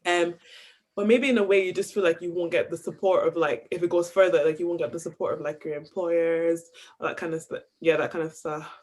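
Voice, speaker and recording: A woman's voice: lowish voice, fairly even intonation, a little fast, darkish tone. A young woman on a panel, speaking reflectively and casually, using "like" constantly. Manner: reflective, heavy use of "like".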